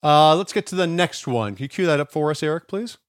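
A man's voice: on the high side, animated, brisk, no room sound, clean studio sound. A man co-hosting a podcast, talking loosely and thinking aloud with many fillers. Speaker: podcast co-host. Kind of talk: casual podcast banter.

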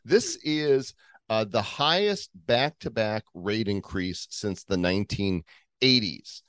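A man's voice: on the low side, slow, fairly bright tone, no echo, studio quality. A man hosting a podcast, talking in casual, emphatic, opinionated chat. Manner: emphatic, ranting. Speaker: podcast host.

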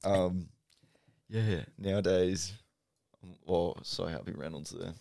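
Young man, very low voice, gravelly, easygoing chat, dry close mic. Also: fairly even intonation, slow, mellow, dry recording. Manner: easygoing, short agreeing replies, Aussie slang. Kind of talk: casual podcast chat.

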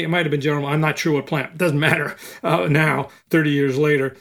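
Older male podcast guest, lively storyteller with a fairly high voice. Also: fast talker, gravelly, hardly any pauses. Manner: animated storyteller, acts out quotes. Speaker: recruiting expert guest.

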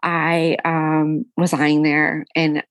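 A young adult woman, a guest, recounting a personal story candidly, halting and emotional, often quoting what she said. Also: low-pitched, monotone, no room sound. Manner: frequent fillers and restarts.

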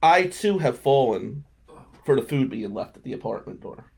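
A man's voice: mid-range voice, lively intonation, moderate pace, vocal fry, darkish tone, slightly rough. A man, hosting a radio talk show and telling self-mocking stories in a casual comedic monologue. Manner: self-mocking storytelling, laughing at his own jokes. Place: radio studio.

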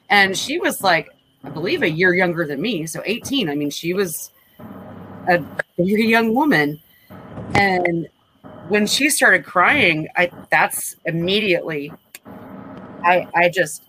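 Woman, 40s, low-pitched, bright tone, candid rambling talk, faint noise behind. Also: takes it slowly, long pauses, rough recording. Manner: candid, rambling, frequent restarts. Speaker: panel guest. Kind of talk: casual discussion.

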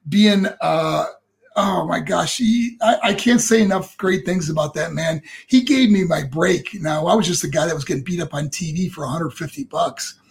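An older man, a former wrestler, telling stories in a relaxed chat, animated and laughing as he acts out other people's voices. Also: on the high side, normal speed, vocal fry, hardly any pauses. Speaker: guest, former pro wrestler. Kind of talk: casual storytelling.

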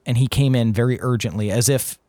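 Male GM, mid voice, relaxed storyteller who laughs easily. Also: medium pitch, brisk, dry recording. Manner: relaxed, laughs often, descriptive. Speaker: game master. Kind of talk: narrating a tabletop game.

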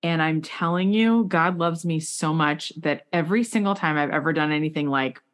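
A woman interviewing a guest, telling a long personal story in a chatty, animated way with many asides. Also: low-pitched, normal speed. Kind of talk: casual interview chat.

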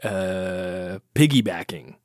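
A man's voice: deep voice, slow, no room sound, clean studio sound. A man chatting as a podcast guest, laughing often and rambling in a self-mocking way. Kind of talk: casual chat.

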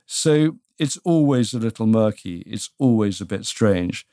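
A man's voice: lowish voice, lively intonation, a little slow, dark tone, no room sound. Wry British man on a dry mic. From Britain. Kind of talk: casual history podcast chat.

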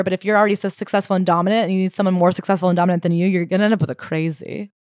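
A woman co-hosting a podcast, chatting casually as she retells a memoir with animated asides. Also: lowish voice, racing, few pauses, clear, resonant tone, no room sound, clean studio sound. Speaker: podcast co-host.

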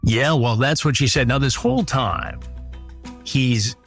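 A man's voice: medium pitch, unhurried, creaky, soft background music. A man hosting and narrating a true-crime story, with dry, sarcastic asides. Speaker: podcast host narrating a past sting.

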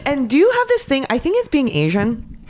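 A woman's voice: high voice, huge pitch swings, fairly quick, darkish tone. A woman co-hosting a podcast, telling a story in casual chat, laughing often and acting out quotes. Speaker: podcast co-host.

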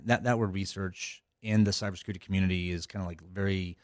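Low-voiced man, rambling interview talk. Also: steady tone, quick pace, dry recording, clean studio sound. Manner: rambling, many fillers and restarts. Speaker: cybersecurity guest.

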